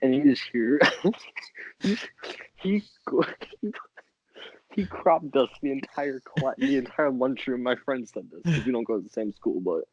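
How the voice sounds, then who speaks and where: A man's voice: mid-range voice, moderate pace, darkish tone, no echo. Young man, podcast co-host, rambling crude anecdote, dry close sound, dull lo-fi mic. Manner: rambling, laughing, crude storytelling. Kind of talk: casual storytelling chat.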